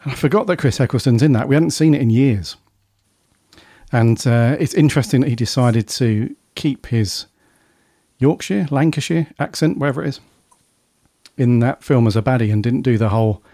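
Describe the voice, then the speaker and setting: A man's voice: mid-range voice, moderate pace, dark tone, no echo, studio quality. A man hosting a casual podcast panel chat, talking loosely and drifting into tangents. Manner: chatty, rambling off on tangents. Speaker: podcast host.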